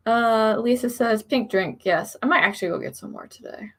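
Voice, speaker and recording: A woman's voice: a little high, fairly quick, fairly bright tone, husky. A young adult woman chatting casually on a live stream, reading viewer comments aloud and rambling about her plans. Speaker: author streamer.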